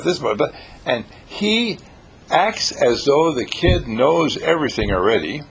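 Gravelly husky guy telling inspirational stories, voice jumps all over, hammers the same lines again and again. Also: medium pitch, normal speed. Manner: animated, repetitive, emphatic storyteller. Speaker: speaker. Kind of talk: inspirational storytelling talk.

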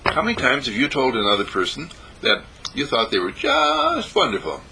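A man giving a spiritual meditation talk, gentle and repetitive, with sing-song emphasis. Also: mid-range voice, huge pitch swings, normal speed, creaky, a little hiss or hum, rough recording. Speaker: spiritual teacher. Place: monastery breakfast table.

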